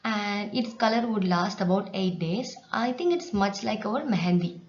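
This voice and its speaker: A woman's voice: medium pitch, moderate pace. A woman teacher reading a story aloud and patiently explaining words to students with examples. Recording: echoey room, dull sound, faint hiss.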